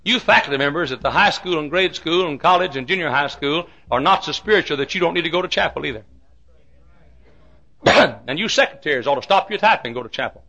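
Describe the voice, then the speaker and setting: A man preaching a fiery sermon, swinging from shouts to hushed asides. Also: fairly high pitch, expressive, fast, dull audio. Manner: fiery preaching with sudden shouts and drops to quiet. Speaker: pastor.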